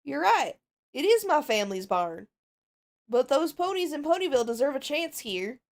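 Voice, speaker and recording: A folksy Southern mare pony with a stubborn streak and a warm, plain-spoken drawl, as a woman puts her on. She sounds earnest and set in her ways, fitting a fan game role-play, with a voice pitched a touch high. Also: sing-song, moderate pace. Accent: Southern US (put on). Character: kind country mare pony, stubborn farm leader.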